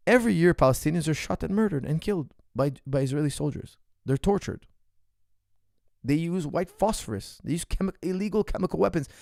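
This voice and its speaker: A man's voice: fairly high pitch, expressive, fairly quick, vocal fry, darkish tone, no echo, clean studio sound. A man, a martial arts coach, answering viewer questions in an impassioned, indignant monologue, repeating phrases for emphasis.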